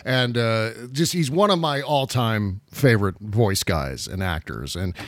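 A man's voice: on the low side, expressive, unhurried, no echo. Rambling podcast host man. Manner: rambling, laughs often. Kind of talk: casual chat.

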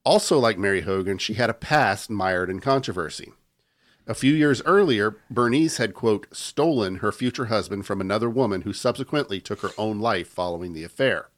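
A man hosting a podcast, reading a true-crime story aloud in an even narrating tone. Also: fairly low pitch, normal speed. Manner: reads the story aloud in an even narrating tone, breaking into laughter at the banter. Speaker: podcast host.

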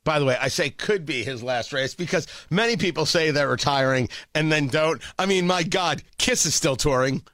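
A male talk radio host with a high, bright voice that leaps around in pitch. He's opinionated, sarcastic and jokey. The studio sound is dry and close. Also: normal speed, few pauses, no echo.

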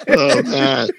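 A man's voice: medium pitch, creaky, a bit bright, no room sound. A middle-aged man hosting a casual chat, telling stories in a laid-back, profane way. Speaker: host.

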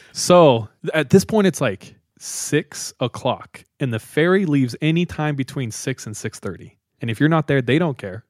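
A young man tells a story to friends on a podcast, lively and quick to laugh. His pitch sits in an ordinary middle range. The recording is close and dry, with no room sound. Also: no echo. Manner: animated, laughs often, acts out quoted people. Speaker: podcast host. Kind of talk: casual storytelling among friends.

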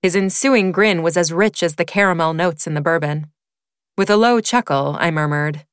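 Female reader, wry first-person romance narration, crisp and dry-sounding. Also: lowish voice, normal speed, no echo. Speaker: audiobook reader. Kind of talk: narrating a romance novel excerpt.

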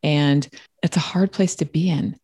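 A woman's voice: deep voice, fairly even intonation, a little slow, dark tone, breathy edge, no echo, clean studio sound. A woman hosting a conversational interview, asking empathetic, probing questions.

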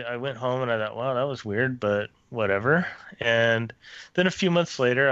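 Brief: man, storyteller guest, halting and self-correcting, dry and slightly dull sound. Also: mid-range voice, fairly bright tone, clear, resonant tone, no echo. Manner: hesitant, with many restarts and fillers. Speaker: former theme park custodial worker, guest author. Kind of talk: casual storytelling in a podcast interview.

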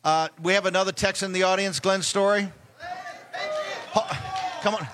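A man's voice: high voice, steady tone, moderate pace. A man hosting live interviews on a convention floor, hyping the crowd. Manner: boisterous, hypes the crowd. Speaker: host. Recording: loud crowd and noise.

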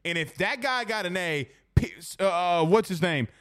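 A young man hosts a loose sports talk stream, and his voice sits high for a man. He rambles and rants with plenty of fillers, restarts and asides to the chat. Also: lively intonation, normal speed, a bit bright, smooth. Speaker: sports talk show host.

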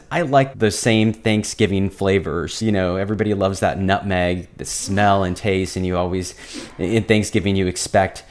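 Man chef telling stories, lowish voice. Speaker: chef, interview guest. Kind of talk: recorded interview.

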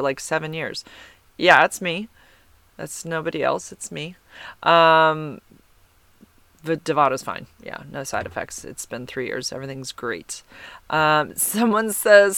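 A woman's voice: sits low, animated, a little slow, fairly bright tone, dry recording. A woman hosting a podcast, reading listener comments in a rambling, chatty way and correcting herself as she goes. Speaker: podcast host.

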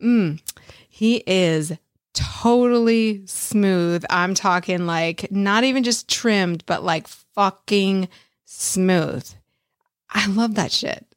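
A woman's voice: medium pitch, very slow, smooth, no echo, clean studio sound. A woman hosting her own podcast, chatting casually and bluntly, swearing freely and laughing often. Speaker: podcast host. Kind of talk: casual solo review chat.

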